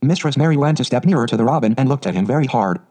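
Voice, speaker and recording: Man narrating an audiobook, mellow warm tone, steady reading. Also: medium pitch, racing. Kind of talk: scripted storybook narration.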